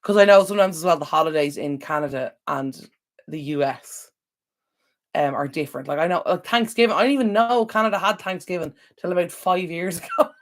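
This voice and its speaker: A woman's voice: fairly low pitch, brisk. An Irish woman hosting a casual live stream from home, chatting to viewers by name with lots of ums. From Ireland. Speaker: livestream host. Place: indoor home room near a window.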